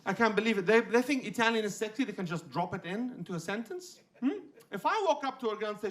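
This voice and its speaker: A man's voice: high voice, quick pace, few pauses, crowd noise. A man from Lebanon doing a stand-up comedy set, punchy and self-deprecating, on a stage microphone. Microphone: handheld stage microphone.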